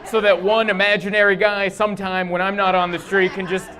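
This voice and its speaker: A man in his thirties performing a stand-up comedy set, telling stories deadpan and acting out the quotes with sudden loud bursts. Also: high-pitched, a little fast, over a noisy crowd. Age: 30s. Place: comedy club stage. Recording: live club recording with audible background noise.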